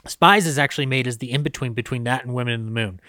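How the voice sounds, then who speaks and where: A man's voice: mid-range voice, fast, bright, forceful tone, dry recording, studio quality. A man co-hosting a podcast, talking casually about old films with many fillers and frequent laughs. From United States. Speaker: podcast co-host. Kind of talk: casual film discussion.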